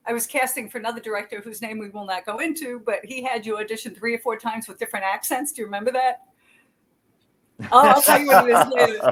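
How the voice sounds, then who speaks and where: A woman's voice: on the high side, a bit bright. A woman filmmaker chatting casually on a group call, talking in long runs with laughs and restarts. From Florida. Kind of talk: casual group video chat.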